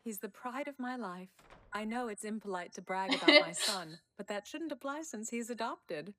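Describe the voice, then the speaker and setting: A woman's voice: on the high side, expressive, moderate pace, a crowd in the background, close to an everyday voice. An actress voicing a polite, motherly wife in an anime dub clip. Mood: gentle. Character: gentle, doting wife of a leader.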